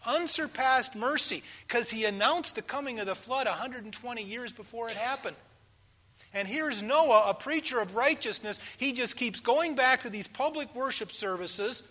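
A man in his sixties preaching a sermon, asking the congregation questions and swinging between hushed pauses and loud emphasis. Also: extremely high pitch, expressive.

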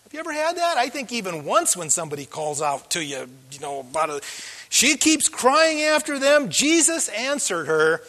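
A man preaching a sermon as pastor, telling the story with animated delivery and acting out the voices in it. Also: very high-pitched, moderate pace. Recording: long hall reverb.

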